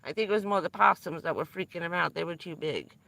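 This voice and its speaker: A middle-aged woman from New Jersey on a vanlife live stream, talking casually and telling rambling, excitable stories with the odd swear word. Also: fairly low pitch, fast talker, gravelly, no echo. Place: in or around her van.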